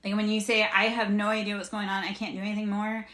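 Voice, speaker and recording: A blunt, animated woman who talks casually and swears freely, with her voice at a middle pitch for a woman. She is heard in a roomy, echoey space. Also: fast. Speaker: spiritual reader and livestream host. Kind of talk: casual livestream chat. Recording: roomy, echoey room sound.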